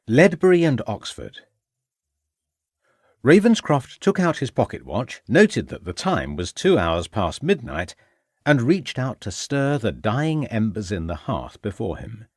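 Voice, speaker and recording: Male audiobook narrator, low pitch, animated delivery, dry close studio sound, measured formal storytelling. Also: no echo. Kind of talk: scripted narration.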